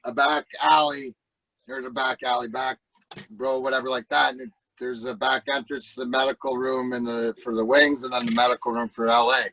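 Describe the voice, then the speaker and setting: A middle-aged man, a former hockey player and podcast guest, telling profane stories in a casual, animated way and acting out the voices. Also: mid-range voice, fairly quick, no room sound, low-quality recording. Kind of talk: casual storytelling.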